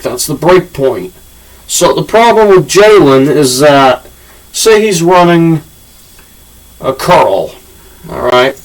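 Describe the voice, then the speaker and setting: A man with a fairly high voice gives casual football analysis in a blunt, profane coaching manner. He sounds set back from the microphone as he moves around the room. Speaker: channel host analyzing draft picks. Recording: voice from a distance off the mic.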